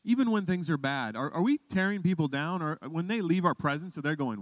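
Pastor, male, chatty storyteller in the pulpit, slightly raised pitch, dry sound. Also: expressive, fairly quick, few pauses, no room sound. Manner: conversational storytelling, rising to emphatic questions. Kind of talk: sermon with a personal story.

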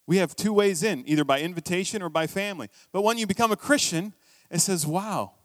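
Storytelling pastor with a dry close sound. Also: male voice, sits high, fast, no room sound. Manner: conversational storytelling preacher, swings between quiet asides and emphatic bursts. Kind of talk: sermon.

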